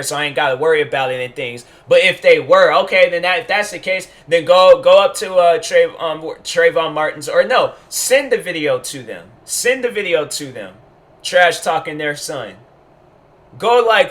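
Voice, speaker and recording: Young guy ranting on his podcast, kinda high bright voice, keeps saying bruh. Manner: rambling, heated, repeats "bruh" and "I'm like". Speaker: podcast host. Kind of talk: casual solo commentary.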